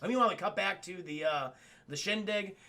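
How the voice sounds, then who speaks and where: A man's voice: high voice, fairly quick, vocal fry, bright, forceful tone. A man streaming a casual, profane spoiler recap of a cartoon episode to his live chat, rambling and addressing the chat directly.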